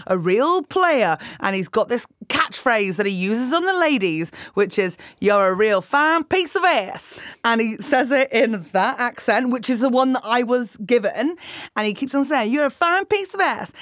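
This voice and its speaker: A woman's voice: medium pitch, dry recording, studio quality. A woman comedian giggling as she retells a muddled story on a panel show. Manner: giggly, animated storytelling with frequent laughs.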